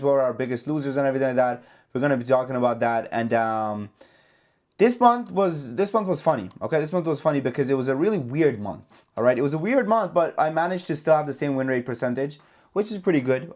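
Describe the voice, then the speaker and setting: A man hosting a casual trading recap vlog, talking in an animated, profane way and repeating himself for emphasis. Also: mid-range voice. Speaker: trading channel host.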